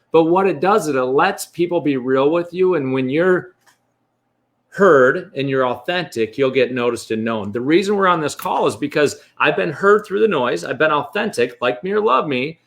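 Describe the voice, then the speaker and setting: A man's voice: on the high side, expressive, normal speed, gravelly, a bit bright. A man talking as a real estate coach in a candid interview, blunt and profane. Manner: blunt and profane, speaks freely.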